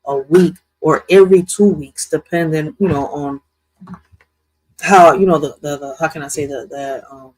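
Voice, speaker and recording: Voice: medium pitch, normal speed, darkish tone, low-quality recording. A host rambles in casual reaction commentary, using slang and restarting sentences often.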